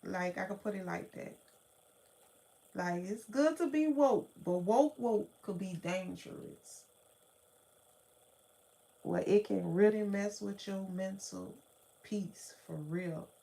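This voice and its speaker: A woman with a New Orleans accent telling her own story in casual, slangy talk, laughing often and jumping into excited quotes of herself. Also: mid-range voice, takes it slowly, gravelly, pauses often. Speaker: spiritual vlogger.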